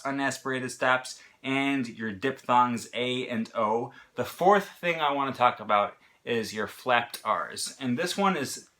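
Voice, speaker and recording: Here the language teacher's voice is medium in pitch with a sharp tone, and his accent is American. He explains pronunciation casually, in short bursts broken up by fillers and restarts.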